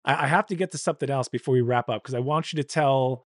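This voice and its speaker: A man's voice: medium pitch, fast talker, no room sound, studio quality. A man hosting an interview, reacting with short remarks and steering the chat toward its end. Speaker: podcast host. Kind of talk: casual interview.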